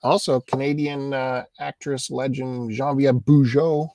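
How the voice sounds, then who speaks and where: A man speaks in a relaxed, matter-of-fact way as he shows off what he found. His pitch sits in the middle, neither high nor low. He keeps an even, unhurried tone throughout. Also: a crowd in the background. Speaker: co-host of a live stream show. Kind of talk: casual chat.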